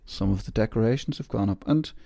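Gravelly man rambling casually. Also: lowish voice, moderate pace, warm tone, no room sound, clean studio sound. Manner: rambling, self-mocking, jokey. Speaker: podcast host. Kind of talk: casual chat.

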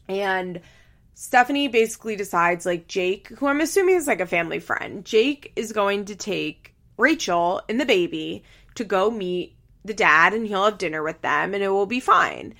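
Young female podcast host, animated and chatty, mid-range pitch. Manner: animated, laughs often, mimics people in quotes. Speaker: podcast host recapping a reality show. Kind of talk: casual recap chat.

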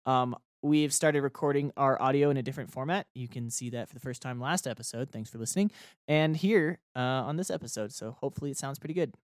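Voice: medium pitch, fast, no room sound, studio quality. Chatty tabletop podcast co-host. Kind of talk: casual chat.

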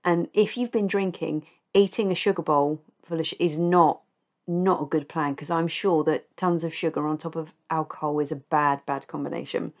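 With a low-pitched voice and fairly even intonation at a moderate pace, this middle-aged podcast host recounts past escapades. She pokes fun at herself and chuckles at her own tales.

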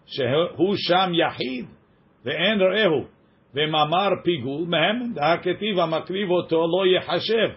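A man teaching a text study class, reading passages quickly and translating them line by line, joking with his students. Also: sits high, animated. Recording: dull lo-fi recording.

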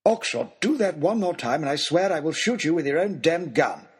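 Man doing a stern aristocratic lord, high raised voice, clipped commands, husky. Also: big pitch swings, normal speed, exaggerated voice. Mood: exasperated commanding. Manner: barking orders, clipped and commanding.

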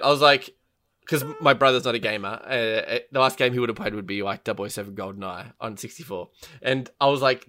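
A man, telling an animated story in a casual podcast chat with heavy swearing. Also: medium pitch, a little fast. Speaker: podcast co-host.

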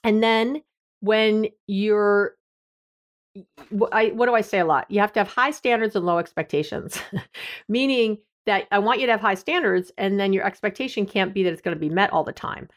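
A woman's voice: mid-range voice, normal speed. Candid middle-aged woman giving advice. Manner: candid, self-deprecating, conversational. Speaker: therapist and podcast host. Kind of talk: advice podcast monologue.

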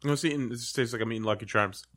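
Bright-voiced deadpan man. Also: mid-range voice, racing. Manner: dry, deadpan jokes. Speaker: guest. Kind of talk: casual chat tasting snacks.

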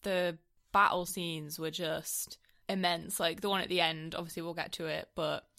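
A woman's voice: on the low side, fairly even intonation, vocal fry, bright, forceful tone. A woman co-hosting a casual film review chat, easygoing and chatty. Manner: easygoing, chatty, quick to laugh along. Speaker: podcast co-host.

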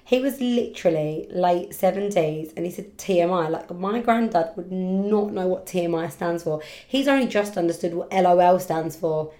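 A woman hosting a casual solo podcast, chatty and rambling, quick to laugh and loud when excited. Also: on the low side. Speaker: podcast host and hairdresser. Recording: roomy echo around the voice.

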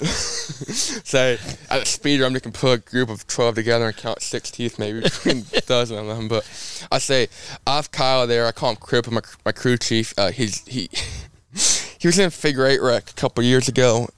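A young man from Indiana telling racing stories in a casual podcast chat, acting out every quote as he goes. His voice is smooth and clean, at a middle pitch. The recording is dry and close. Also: normal speed, no echo. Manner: lively storyteller who acts out quotes. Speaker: race car driver, podcast guest.

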